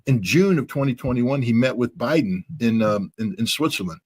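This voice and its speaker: A man being interviewed as a guest commentator, telling events in an animated way and often slipping into impressions. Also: medium pitch, moderate pace, breathy edge, no echo. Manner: animated storytelling with frequent voice impressions. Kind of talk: casual interview talk.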